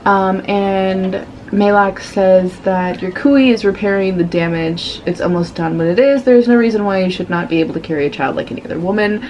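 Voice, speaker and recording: A woman gives lively, sassy commentary on her reading in a casual vlog. Her voice sits at an ordinary middle pitch. A faint hum of noise lies underneath. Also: normal speed, few pauses. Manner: animated, sassy commentary with frequent laughs. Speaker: book vlogger.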